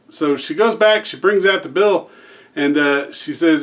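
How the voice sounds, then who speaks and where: A man tells a long joke in a relaxed, rambling way, restarting lines and filling pauses. His voice sits on the higher side for a man. He talks like a regular joke-channel host. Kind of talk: casual spoken joke telling.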